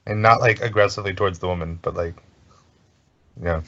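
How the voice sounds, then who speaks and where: A man's voice: sits low, brisk, pushed and bright. A man playing a tabletop game over voice chat, speaking for his character in a laid-back, rambling way. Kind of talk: casual role-play over voice chat. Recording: dull lo-fi voice chat.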